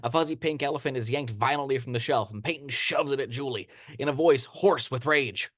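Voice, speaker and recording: A man reading a screenplay's action lines aloud as narrator, in steady read-aloud narration. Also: mid-range voice, a little fast, dry recording. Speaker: narrator of stage directions.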